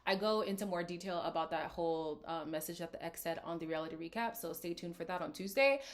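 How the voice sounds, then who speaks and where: A woman hosting a casual reality TV reaction video, talking in an animated, sarcastic, exasperated way on a close mic. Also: on the low side, quick pace.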